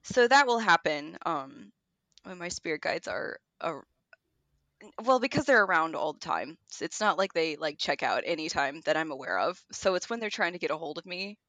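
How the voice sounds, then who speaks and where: A woman co-hosting a podcast, telling animated stories in casual chat, swearing freely and laughing often. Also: low-pitched, normal speed, dry recording. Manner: animated storyteller who swears and laughs a lot. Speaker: podcast co-host.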